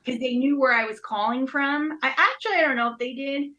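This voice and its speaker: A woman's voice: high voice, a little fast, sharp tone, dull audio. A woman in her thirties speaking candidly and emotionally in casual chat, with many fillers. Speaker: guest.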